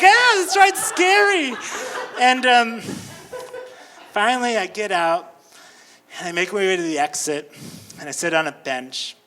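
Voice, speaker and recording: A man doing stand-up comedy, telling a story on stage with lively delivery, breaking into high squealing voices when he quotes people.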